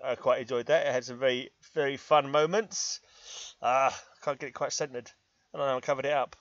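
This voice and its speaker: A man's voice: mid-range voice, steady tone, fairly quick, fairly bright tone, no room sound, highs cut off. A middle-aged English man with an English accent, rambling in a casual vlog, tired and self-mocking, talking to his laptop in his room. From England. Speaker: vlogger. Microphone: laptop microphone.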